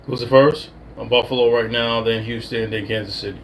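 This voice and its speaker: A man's voice: mid-range voice, steady tone, fairly quick, very noisy. A man co-hosting a casual sports podcast, blunt and trash-talking, laughing at rival teams. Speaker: co-host.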